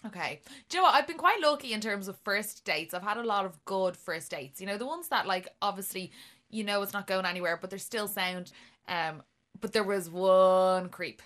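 A young Irish woman co-hosting a podcast, telling a dating story in a casual, animated way and laughing often. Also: mid-range voice, a little fast. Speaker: podcast co-host.

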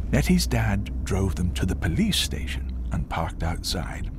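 A man narrating a children's storybook in a gentle, expressive way. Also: deep voice, background noise.

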